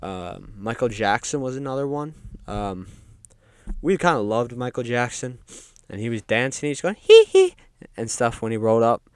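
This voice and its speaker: A man of middling pitch rambles through a deadpan comedic monologue, casually playing a resident of hell. His voice is smooth and resonant, recorded dry and close with no room sound. He pads his sentences with ums and uhs. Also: normal speed, dry recording. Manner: rambling, deadpan, filler-heavy with frequent ums. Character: resident of hell describing its games. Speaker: comedic podcast host.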